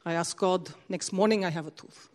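Woman putting on a deadpan Russian man. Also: fairly low pitch, fairly quick, voice pushed down, close to an everyday voice. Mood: matter-of-fact. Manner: matter-of-fact, broken English. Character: casual adult Russian man telling a miracle.

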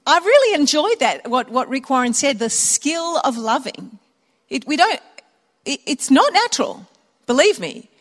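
An older woman preaching to a congregation, her voice sitting a bit high for a woman. She talks in a relaxed, conversational way and drops in chuckling asides. The sound carries a long reverb from the church auditorium. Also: normal speed. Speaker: pastor. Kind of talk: sermon.

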